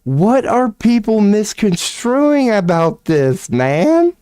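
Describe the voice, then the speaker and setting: A man's voice: high-pitched, very animated, takes it slowly, mellow, clean tone, no echo, studio quality. A man streaming, giving casual ranting commentary, profane and incredulous, laughing often.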